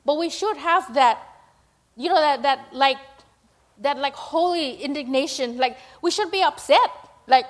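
A middle-aged woman, a school principal, gives a slide presentation at church in a high voice at a measured pace. She talks in a rambling, conversational way, full of fillers and tag questions.

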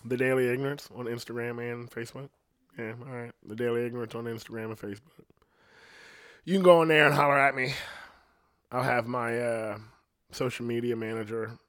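A man of middle pitch hosts his own podcast alone, thinking out loud. He drifts from one odd idea to the next, swearing freely and checking in with "you know what I mean" as he goes. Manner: loose, profane, rambling with many "you know what I mean". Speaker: podcast host. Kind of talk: rambling solo podcast rant.

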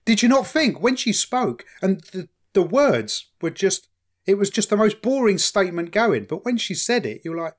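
A man with an East London accent, co-hosting a podcast in casual chat, telling stories in an animated, jokey way with some swearing. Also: sits high, moderate pace. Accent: London English. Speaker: podcast co-host.

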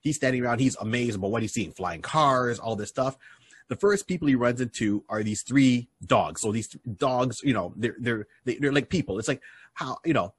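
A man co-hosting a podcast who tells stories in an animated way, with many restarts. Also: medium pitch, moderate pace, slightly rough, no room sound. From Barbados. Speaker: podcast co-host and comedian. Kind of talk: casual podcast chat.

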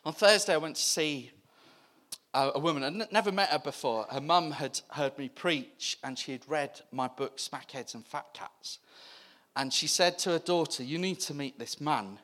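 A man with a British accent preaching a sermon, impassioned, swinging between near-shouts and hushed whispers. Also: fairly high pitch, normal speed.

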